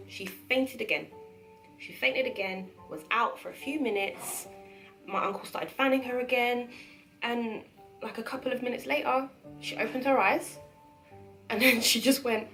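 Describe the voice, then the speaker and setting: A woman's voice: mid-range voice, normal speed, low-quality recording. Earnest young woman telling a spooky story. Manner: earnest, animated retelling with emphatic repeats. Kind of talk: casual storytime narration. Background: faint piano music.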